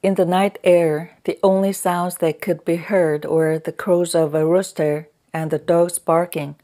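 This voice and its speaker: A woman narrating an audiobook in a slow, measured reading voice. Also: on the low side, little pitch movement, warm tone. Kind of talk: scripted narration.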